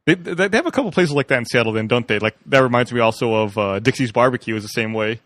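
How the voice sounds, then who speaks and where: Co-host guy, rapid-fire joker, quick delivery, dry studio recording. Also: mid-range voice, fairly bright tone, dry recording. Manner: joking, quick riffing. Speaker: podcast co-host. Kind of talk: casual chat.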